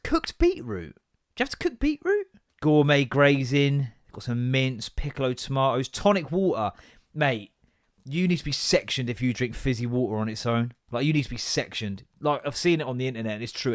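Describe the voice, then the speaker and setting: A man's voice: medium pitch, moderate pace, no room sound, studio quality. A young man hosting a podcast, ranting in a sweary, sarcastic, exasperated way. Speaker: podcast host. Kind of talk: comedic solo rant.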